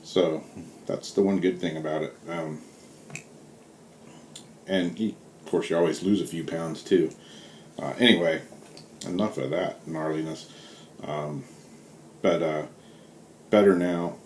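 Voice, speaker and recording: A middle-aged man with a Southern US accent telling stories in a relaxed, rambling vlog, full of fillers. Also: low voice, measured pace, pauses often. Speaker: vlogger. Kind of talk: casual storytelling vlog. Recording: roomy with faint background hiss.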